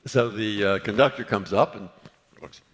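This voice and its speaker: A man's voice: lowish voice, normal speed, fairly bright tone. An older man, a guest author, tells anecdotes onstage in a rambling way with many restarts and self-corrections. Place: event hall before a live audience. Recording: long hall reverb.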